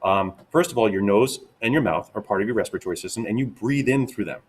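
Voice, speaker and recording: A man giving a lively, casual science lesson to kids, checking in often with "okay?". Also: on the low side, fast talker, breathy edge. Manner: energetic, upbeat, repeats "okay?" often. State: out of breath. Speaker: teacher.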